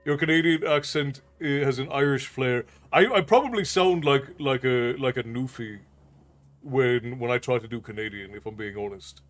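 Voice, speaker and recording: A man's voice: medium pitch, normal speed. A man from New York City, a streamer, chatting casually with viewers, reading their messages aloud and laughing often.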